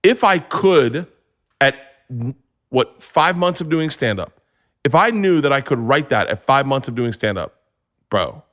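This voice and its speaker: A man in his forties, a comedian, telling stories in a casual interview, profane and animated, acting out what people said. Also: medium pitch, unhurried. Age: 40s. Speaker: comedian guest. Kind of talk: casual storytelling chat.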